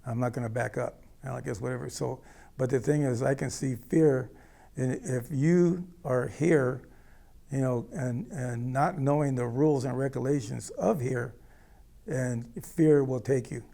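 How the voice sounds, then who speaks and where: Man, gravelly and mellow, casual storyteller, blunt and rambling, keeps asking "okay?". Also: mid-range voice, unhurried. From United States. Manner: blunt, rambling, checks in with "okay?" and "you know". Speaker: interviewee telling a personal story.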